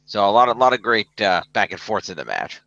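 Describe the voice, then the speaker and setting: A man recaps a wrestling show in casual podcast chat. His voice is bright and forward. The recording is dry and a little dull. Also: fairly low pitch, very animated, fairly quick, gravelly, dry recording. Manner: recaps results, fillers and restarts. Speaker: podcast co-host.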